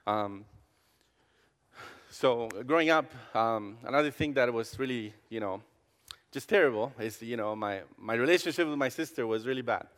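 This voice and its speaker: A man in the middle pitch range preaches a personal testimony as a campus pastor. He talks casually, with lots of restarts and fillers, and he acts out conversations as he tells his story. His voice rings with a long reverb from a large hall. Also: moderate pace, a bit bright, clear, resonant tone.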